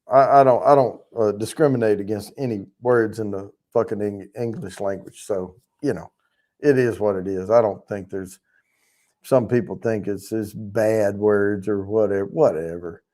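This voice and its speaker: A man's voice: on the low side, moderate pace, dark tone. A man hosting a casual livestream, rambling and chatting with viewers in the chat, swearing freely as he talks. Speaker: livestream host.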